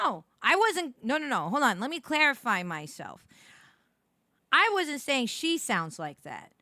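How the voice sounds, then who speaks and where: Animated young woman streamer. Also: sits high, dry recording, clean studio sound. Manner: rambling, swearing, quick self-corrections. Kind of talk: casual live-stream chat.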